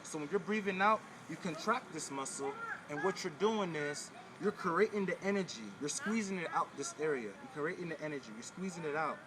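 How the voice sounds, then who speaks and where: Guy walking you through a breathing exercise, kinda high voice, noisy background, says stuff twice. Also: brisk. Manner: repetitive, coaching, direct to viewer. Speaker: spiritual wellness teacher. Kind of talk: casual instructional video.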